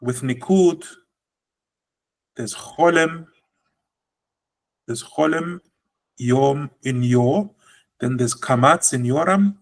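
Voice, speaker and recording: A man's voice: medium pitch, slow pace, pauses often, low-quality recording. A man teaching a language lesson, explaining patiently and drawing out example words.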